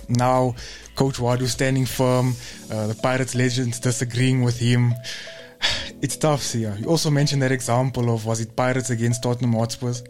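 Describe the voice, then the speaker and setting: A man, co-hosting a football discussion in a measured, reasoned way, his lines often trailing off softly. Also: medium pitch. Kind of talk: studio discussion.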